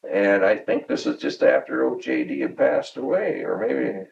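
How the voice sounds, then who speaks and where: A man's voice: on the low side, big pitch swings, normal speed, vocal fry, distant mic, dull audio, background noise. A man in his sixties from Michigan, recalling workplace anecdotes at home in an oral history interview, chuckling and acting out quoted dialogue. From Michigan, USA. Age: 60s. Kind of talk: storytelling reminiscence.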